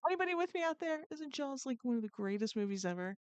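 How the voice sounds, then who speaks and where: A woman's voice: sits high, big pitch swings, fast talker, smooth, dry recording, highs cut off. A woman co-hosting a live podcast, telling stories in casual chat and laughing often. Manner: chatty storyteller who laughs often. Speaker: podcast co-host.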